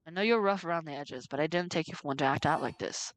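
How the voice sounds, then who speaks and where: A woman's voice: low-pitched, fast, voice pushed down, natural voice, poor audio. A woman voicing a friendly older male school janitor who scolds students in a folksy drawl. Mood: chiding.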